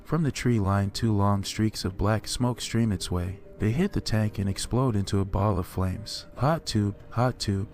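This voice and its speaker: A man with a lowish voice narrates a horror story in the first person. His delivery is steady and measured.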